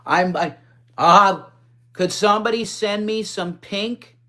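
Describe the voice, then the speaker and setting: A man hosting a casual livestream, chatting with viewers and reading comments in a blunt, profane, rambling way. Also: takes it slowly. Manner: blunt, profane, chatty, swings up in pitch when excited. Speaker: livestream host. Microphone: phone.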